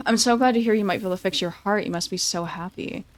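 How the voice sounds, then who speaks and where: A woman's voice: medium pitch, fast. Lady streamer chatting while she plays, swears casually, reads out her choices. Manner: chatty, swears, reads dialogue options aloud. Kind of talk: casual gameplay commentary.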